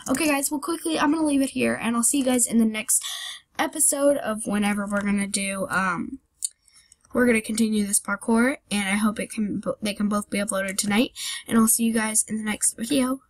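Speaking briskly in a slightly high, steady voice, the young woman hosts her own channel and rambles casually about a parkour game. She pokes fun at herself and yelps when she messes up, and keyboard clicks can be heard behind her.

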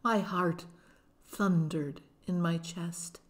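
A woman with a lowish voice reads a first-person novel as an audiobook. She narrates slowly and in a measured way, adding an expressive touch.

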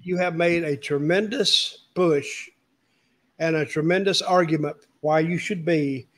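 Animateur de podcast décontracté, voix aiguë. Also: male voice, fairly high pitch, a little slow, fairly bright tone. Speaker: podcast host. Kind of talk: casual chat.

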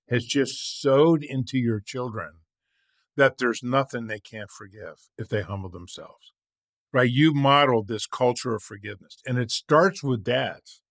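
An older man speaks with a bright, forward voice, preaching in an earnest tone and telling lively stories. The sound is close and dry, with no room around it. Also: mid-range voice, dry recording. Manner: animated storyteller, shouts and laughs in acted scenes. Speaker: podcast guest, author. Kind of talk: storytelling conversation.

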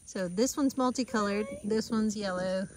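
A Southern American woman filming herself outdoors, sweet-talking animals in a soft, cooing baby-talk voice. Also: medium pitch, moderate pace, a crowd in the background. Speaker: vlogger and mother on a family farm. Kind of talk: casual vlog, coaxing animals. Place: outdoors on a rural roadside.

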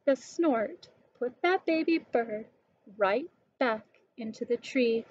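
Slow woman reading a picture book. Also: on the high side, animated, slight background noise. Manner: slow, clear and deliberate. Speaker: storybook reader. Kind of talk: read-aloud picture book narration. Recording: dull lo-fi recording.

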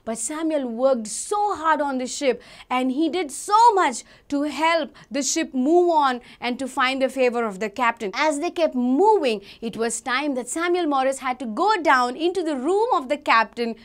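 A young adult woman with an Indian English accent telling a Bible story to children, animated and asking them questions. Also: high-pitched, normal speed, hardly any pauses. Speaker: Sunday school teacher.

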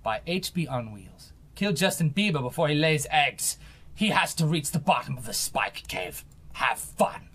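A man's voice: fairly high pitch, very animated, normal speed, fairly bright tone, slightly rough. A young man giving jokey, hyper commentary while playing a game. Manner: hyper, jokey, shifts into silly voices and yelps. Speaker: gaming commentator.

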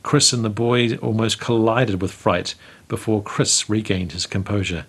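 A man, reading a memoir aloud in a measured, storytelling way as the show's host. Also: on the low side, slightly rough. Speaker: host reading local history stories. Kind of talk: read-aloud memoir narration.

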